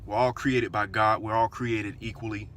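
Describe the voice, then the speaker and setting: A man's voice: on the low side, level tone, moderate pace, fairly bright tone, slight background noise. A man talking earnestly to his viewers in casual commentary, repeating phrases and restarting often. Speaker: vlogger.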